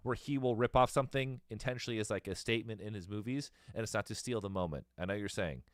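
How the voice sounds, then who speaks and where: A man's voice: on the low side, no echo, studio quality. A man in his thirties in casual chat as a podcast host, rambling, swearing and laughing easily. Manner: rambling, profane, quick to laugh.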